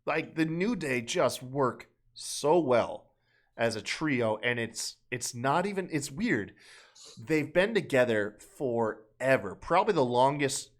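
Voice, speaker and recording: A man's voice: medium pitch, expressive, takes it slowly. A man co-hosting a wrestling podcast, talking casually with loose, profane, sarcastic remarks. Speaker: podcast co-host.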